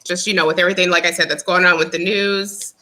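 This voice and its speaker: A woman moderating a panel discussion, speaking in a brisk, direct way. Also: on the low side, fairly even intonation, bright, forceful tone.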